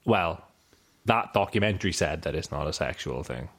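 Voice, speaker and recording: A man co-hosting a casual podcast. His voice is notably deep. He chips in with short, dry and wry remarks. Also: animated, normal speed, slightly rough.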